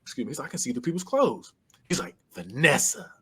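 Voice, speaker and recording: Husky and on the high side, this man's voice races along as he casually recaps a movie on a podcast. He tells it with animation, playing out the characters' lines and laughing.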